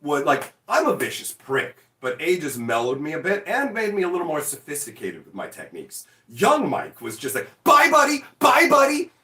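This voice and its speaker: A man in his forties chatting casually on a livestream, answering chat in a profane, excitable, self-mocking way. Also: a little high, moderate pace, few pauses, reverberant, recorded from a distance. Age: 40s.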